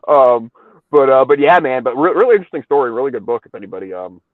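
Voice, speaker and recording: A man's voice: mid-range voice, wildly swooping pitch, fast, dry recording. A man co-hosting a casual podcast, rambling with many fillers and frequent swearing. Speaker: podcast co-host. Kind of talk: casual profane chat. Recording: tinny phone-like sound.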